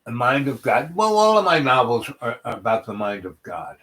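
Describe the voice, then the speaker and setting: Guy rambling thru a silly story, deadpan, lots of um and you know. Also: mid-range voice, moderate pace. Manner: meandering, lots of restarts and asides, absurd deadpan jokes. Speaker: comedic YouTube host. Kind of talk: rambling comic storytelling monologue.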